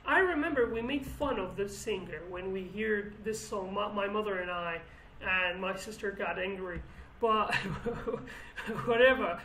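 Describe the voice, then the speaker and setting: A woman's voice: medium pitch, moderate pace, a bit bright. A woman from Kurdistan with a Kurdish accent, teaching a language lesson and explaining words with frequent restarts. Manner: explanatory, with many restarts and fillers. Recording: roomy with faint background noise.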